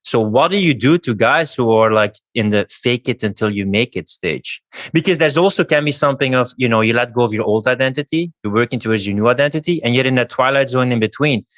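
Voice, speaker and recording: A man's voice: mid-range voice, fast talker, a bit bright, dry recording. A man on a podcast who reflects on ideas at length and asks follow-up questions. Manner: reflective, explaining. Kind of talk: casual podcast chat.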